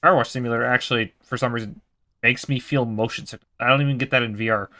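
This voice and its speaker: Bright-voiced man narrating his gameplay. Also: mid-range voice, fairly even intonation, fast, dry recording. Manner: chatty, swears casually, talks to himself. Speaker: gaming video creator. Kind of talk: let's-play commentary.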